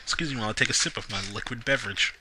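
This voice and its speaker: A man's voice: medium pitch, very fast, sharp tone, a little hiss or hum, rough recording. A young man with a dry, sore throat reviews a wrestling show in a casual, sardonic, dismissive rant. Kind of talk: casual solo review vlog.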